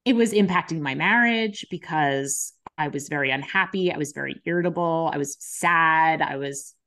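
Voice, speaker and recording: A woman's voice: low voice, normal speed, a bit bright. A woman, a nurse and podcast co-host, telling her own story in an open, reflective way. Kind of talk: candid conversation.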